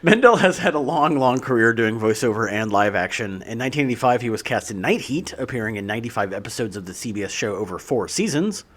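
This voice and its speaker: A man's voice: mid-range voice, animated, fast, few pauses, fairly bright tone. A man co-hosting a podcast, chatting casually and reading out film trivia between jokes. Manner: jokey, reads out trivia with fillers. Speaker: podcast co-host. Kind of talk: casual chat.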